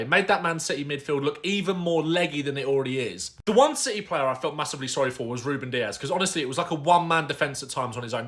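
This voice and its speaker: Quick-talking football recap man. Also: on the high side, a bit bright. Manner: quick, confident recap delivery. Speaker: football presenter.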